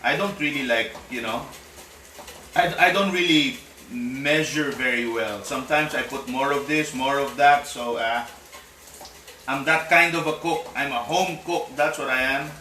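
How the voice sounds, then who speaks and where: A man's voice: medium pitch, unhurried, bright, forceful tone, far from the mic, slight background noise. A man with a Filipino accent, chatting casually as he cooks on a live stream, slipping Tagalog words into his English. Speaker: home cook. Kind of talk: live-streamed cooking chat. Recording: echoey room, voice off-mic, faint music.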